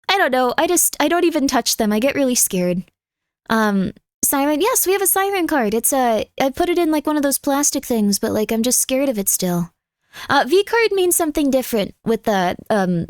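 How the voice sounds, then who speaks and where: A woman's voice: a little high, dry recording, studio quality. A woman livestreamer in casual chat, rambling and breaking off her own sentences while she reads out viewer messages. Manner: rambling, scattered, self-interrupting.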